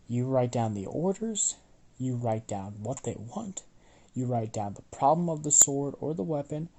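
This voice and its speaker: A man voicing a gruff young male blacksmith who is blunt, bossy and swears often, in a casually told fan story. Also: medium pitch, warm tone, lightly acted.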